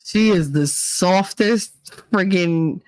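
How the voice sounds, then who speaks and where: A woman from Northeast Pennsylvania hosting a livestream, chatting casually with her viewers and telling stories full of fillers and quick voice mimicry. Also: fairly low pitch, a little mellow, dry recording, poor audio. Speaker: livestream host reading chat. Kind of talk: casual chat.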